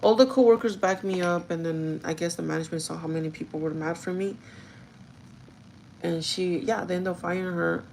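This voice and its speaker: A young woman telling a story in a casual, animated way while doing her makeup, swearing freely. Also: lowish voice, a little fast, vocal fry, slight background noise, poor audio. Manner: chatty, animated, swears freely, code-switches into Spanish quotes. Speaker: beauty vlogger.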